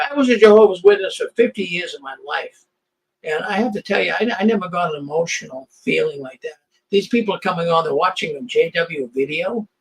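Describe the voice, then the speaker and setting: Older guy w a high voice, hosting, sarcastic, stammers on restarts, pretty fired up. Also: creaky, a bit bright, poor audio. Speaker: commentary show host. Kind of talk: live commentary over video clips.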